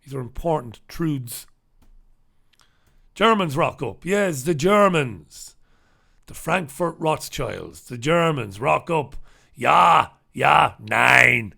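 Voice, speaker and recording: Male host, opinionated newspaper rant, sarcastic and profane; slightly high, sharp tone. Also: lively intonation, slow pace, creaky, long pauses. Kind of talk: newspaper review broadcast.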